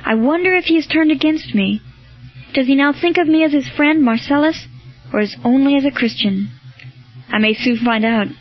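A woman reading the part of a resolute, commanding male Christian soldier in a storybook. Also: very high voice. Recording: dull lo-fi with faint music.

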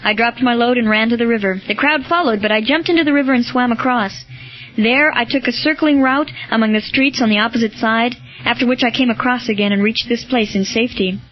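A man's voice: extremely high pitch, brisk. A woman reading the part of a resolute, commanding male Christian soldier in a storybook. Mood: matter-of-fact. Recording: dull lo-fi with faint music.

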